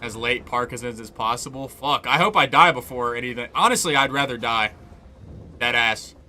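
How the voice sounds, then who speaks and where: Bright-voiced profane young streamer man. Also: medium pitch, normal speed, a little hiss or hum. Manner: loose and profane, laughs often, rambling. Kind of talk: casual chat while gaming.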